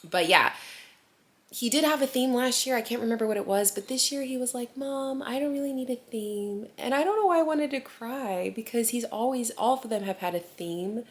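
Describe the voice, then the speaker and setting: A woman's voice: a little high, animated, brisk. A woman in her thirties, a mom vlogger chatting casually to camera in a rambling, giggly way full of fillers.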